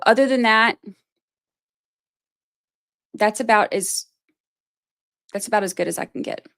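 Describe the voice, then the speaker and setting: Creaky and fairly bright in tone, this woman's medium-pitched voice moves at a measured pace with frequent pauses. As a livestream host discussing a trial, she reads the chat aloud and rambles through her thoughts with "like" and "you know," often self-deprecating.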